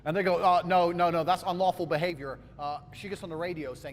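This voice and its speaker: A man's voice: sits high, steady tone, fast talker, big-room sound, a little hiss or hum. A man telling an indignant, swear-filled story and acting out what the other people said. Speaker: storyteller in a played clip. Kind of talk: profane animated anecdote.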